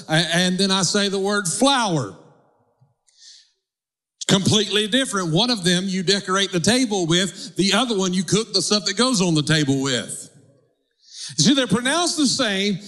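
A man's voice: high-pitched, pushed and bright. A male pastor preaching a sermon, calling on the congregation to respond. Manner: preaching with audience call-and-response.

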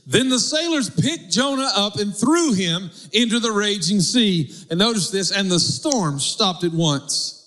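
A man's voice: sits high, expressive, a little slow, few pauses, fairly bright tone. A male pastor preaching a sermon, calling on the congregation to respond. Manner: preaching with audience call-and-response.

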